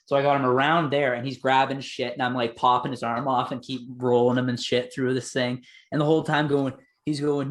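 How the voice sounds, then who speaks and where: A young man telling a story in casual chat on a podcast, swearing freely and quoting people in lively voices. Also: medium pitch, fairly quick, few pauses.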